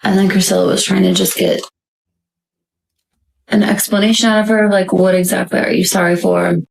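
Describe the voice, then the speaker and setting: A woman's voice: mid-range voice, little pitch movement, moderate pace, gravelly, a little hiss or hum, poor audio. A woman guest on a live stream reading out screenshots, with many "like" and "um" fillers. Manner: reads messages aloud with frequent "like" and "um" asides. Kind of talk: casual live-stream talk.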